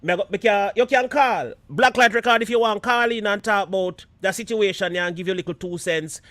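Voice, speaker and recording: High-voiced Jamaican man hosting a live stream. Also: brisk, pushed and bright, no room sound. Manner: mixes patois with standard English, chatty and laughing. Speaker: live stream show host. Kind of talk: casual live stream chat.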